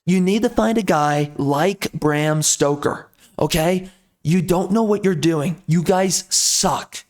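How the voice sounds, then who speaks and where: A man's voice: fairly high pitch, slow pace, a little mellow. A man giving a ranting commentary, blunt and repetitive, venting frustration at length. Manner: ranting, repeats himself, blunt. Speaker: video commentator.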